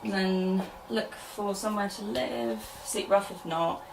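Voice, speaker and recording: An actress playing a defiant young runaway who speaks in a guarded, blunt way. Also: female voice, medium pitch, measured pace, vocal fry, background noise. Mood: flat. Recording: roomy echo.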